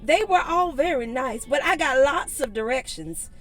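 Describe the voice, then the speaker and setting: Woman reader doing a goofy literal storybook lady, super high and swoopy. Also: animated, moderate pace, soft background music. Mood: playful. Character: silly literal-minded woman helper.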